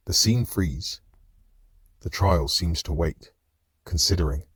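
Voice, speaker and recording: Male audiobook narrator, very low husky voice, measured and somber, dry close-miked booth. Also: dry recording. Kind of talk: scripted first-person narration.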